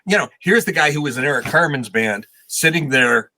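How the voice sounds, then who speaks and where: A man's voice: on the high side, expressive, fairly quick, bright, forceful tone, slight background noise. A man in his sixties, a guest musician, telling stories in a casual interview with a rambling, self-deprecating manner.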